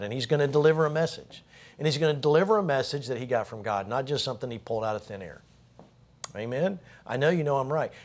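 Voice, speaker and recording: Folksy, conversational male preacher. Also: mid-range voice. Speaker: preacher and show host. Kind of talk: preaching to a congregation.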